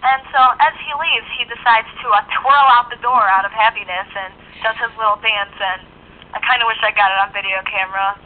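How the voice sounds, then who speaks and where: A woman's voice: medium pitch, fairly even intonation, fairly quick. A young woman telling a long casual story, rambling with lots of fillers, heard over a tinny phone line. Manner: rambling, lots of fillers like "you know" and "and stuff". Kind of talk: casual chat.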